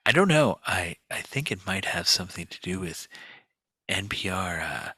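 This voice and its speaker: A man's voice: sits low, very animated, moderate pace, pushed and bright, breathy edge. A man hosting a pop culture podcast, chatting casually in a jokey, rambling way. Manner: jokey, rambling, swears freely. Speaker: podcast host. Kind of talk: casual chat.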